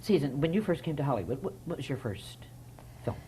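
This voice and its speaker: A man hosting a talk show interview, chatty and quick to interject. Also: fairly high pitch, sing-song, dark tone, a little hiss or hum. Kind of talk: casual interview chat.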